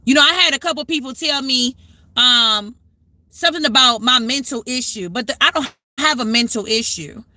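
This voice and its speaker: A woman talks casually on her own livestream, reflective and conversational, stopping to answer viewers as their comments come in. Her voice is bright and forward, and it sits close and dry with no room around it. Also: high voice, no echo. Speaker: livestream host.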